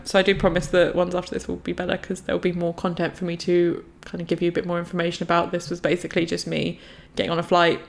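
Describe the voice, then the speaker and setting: A woman's voice: lowish voice, vocal fry. A woman giving casual reaction commentary on her own old vlog, chatty and self-mocking. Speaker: YouTuber.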